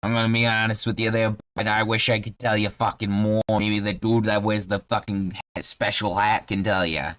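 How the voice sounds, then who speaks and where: A man voicing a brash male tough guy with a put-on Boston accent, loud and swearing. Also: fairly low pitch, level tone, moderate pace, hardly any pauses, no echo, lightly acted.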